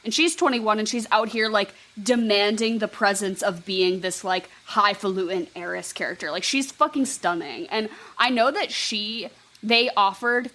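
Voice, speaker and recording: A young woman co-hosting a podcast in casual chat. She talks in an animated way, swears freely and slips into quoted voices. Her voice sits at a middle pitch. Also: normal speed. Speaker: podcast co-host.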